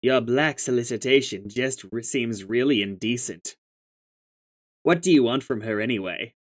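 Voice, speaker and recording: A man's voice: mid-range voice, normal speed, natural voice. A man reading aloud as a proper, dry-witted young troll who acts as a reluctant go-between, and who sometimes stumbles over the words. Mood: sardonic. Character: prim sardonic young troll, reluctant mediator.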